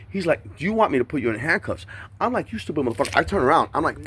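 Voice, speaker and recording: A man rattles off his account at high speed, swearing hard and putting on other people's voices as he goes. His voice is mid-pitched and heated. He is caught on a body camera outdoors, with a faint hum behind him. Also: very animated, very fast, fairly bright tone. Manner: agitated, profane, mimics voices while retelling. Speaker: man detained by police. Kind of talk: heated recounting of an arrest. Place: outdoors by a street.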